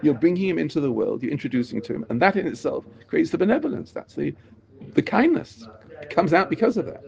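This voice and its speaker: A man teaching a religious class, talking in an animated, emphatic way and often repeating himself. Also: on the high side, quick pace, gravelly, muffled recording. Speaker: Torah teacher.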